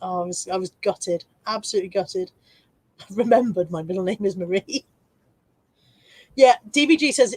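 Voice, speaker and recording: Woman, 40s, from England; livestream host, casual and laughing, mid pitch, dry close recording. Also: animated, fairly quick, pauses often, no echo. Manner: chatty, self-mocking, laughs often. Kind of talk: casual live chat reading comments.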